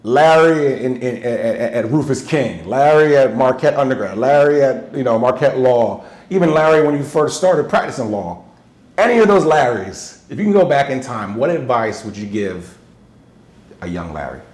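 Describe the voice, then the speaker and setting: A man's voice: medium pitch, animated, normal speed, a little mellow, roomy sound. A male interview host who talks with enthusiasm and hype, laughing often and cheering on his guest. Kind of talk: interview conversation.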